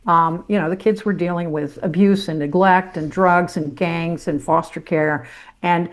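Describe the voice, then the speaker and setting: A woman's voice: on the low side, fairly even intonation, unhurried. An older woman, a former sportscaster turned teacher, telling her life story as a podcast guest in a blunt, salty, self-mocking way. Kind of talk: candid personal storytelling.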